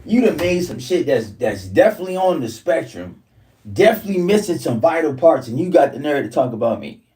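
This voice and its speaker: A man's voice: on the high side, big pitch swings, brisk, mellow, far from the mic. Profane ranting man, set back from the mic. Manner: profane, repetitive, heated ranting. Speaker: vlogger. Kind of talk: casual ranting monologue.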